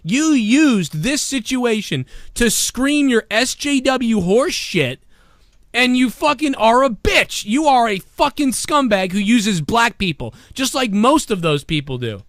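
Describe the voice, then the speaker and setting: A man hosting a live-streamed talk show, ranting profanely and swinging between a low grumble and loud shouting. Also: big pitch swings, measured pace, no room sound, studio quality. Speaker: podcast host.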